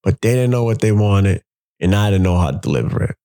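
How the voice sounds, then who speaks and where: A man hosting a podcast, telling a personal story in an animated, profane way and acting out what people said. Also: lowish voice, quick pace, clear, resonant tone. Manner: animated, profane, acts out quotes. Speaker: podcast host.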